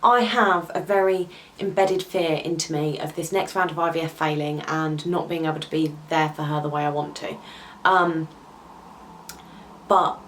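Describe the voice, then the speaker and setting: Young woman confiding, heartfelt and low. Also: slight background noise, rough recording. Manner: heartfelt and confiding, with hesitant ums. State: close to tears at times. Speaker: vlogger. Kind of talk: candid personal talk to camera.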